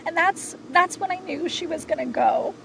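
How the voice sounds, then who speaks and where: A woman's voice: extremely high pitch, moderate pace, vocal fry, a bit bright, rough recording. A young adult woman, a podcast guest, telling a personal story candidly from a home sound booth, with many fillers and restarts.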